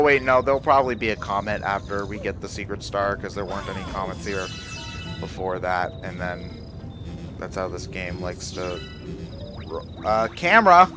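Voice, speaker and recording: A man chatting casually and rambling through stories while playing a game live, often restarting his sentences. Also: fairly low pitch. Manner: rambling, self-deprecating, chatty with many restarts. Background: game music.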